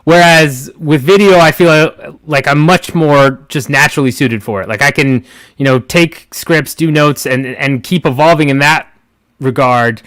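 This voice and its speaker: A man's voice: a little high, fairly bright tone, no echo. Candid American man talking shop. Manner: candid, self-deprecating, quick-talking. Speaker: guest. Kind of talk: casual chat.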